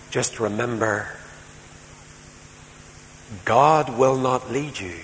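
A man preaching a sermon as a storyteller, moving between soft, quiet passages and loud, emphatic ones. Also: on the low side. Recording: reverberant hall, faint background noise.

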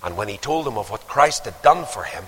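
Animated and fairly quick, an older man preaches in church with a fairly low, slightly rough, somewhat bright voice. He weaves stories and rises to emphatic calls for action, with long hall reverb on the recording.

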